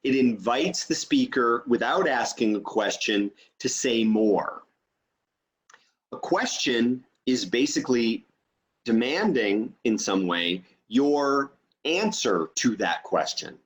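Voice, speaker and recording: A man's voice: mid-range voice, expressive, slow pace. A man teaching an online training session over a video call, explaining step by step and checking in with "okay?".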